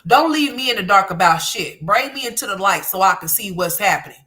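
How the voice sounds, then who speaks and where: A middle-aged woman talks through her commentary in a casual, candid way, swearing freely and addressing viewers as honey. Her voice is bright and clear, with a mid-range pitch. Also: lively intonation, a little fast. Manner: candid, emphatic and profane, calls listeners honey. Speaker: commentary channel host.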